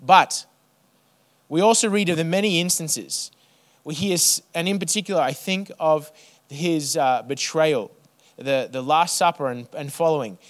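A man preaching a sermon to his church, building rhythmic lists and then dropping to a soft hush. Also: fairly high pitch, unhurried. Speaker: pastor.

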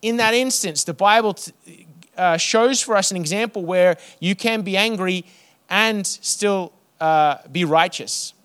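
A man preaching a sermon to his church, building rhythmic lists and then dropping to a soft hush. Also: sits high, a little slow, smooth. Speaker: pastor.

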